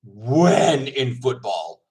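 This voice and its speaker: A man's voice: mid-range voice, very animated, drawn-out words, darkish tone, poor audio. A man, a semi-pro linebacker, chatting casually to viewers, rambling, laughing often and correcting himself, with his mouth full.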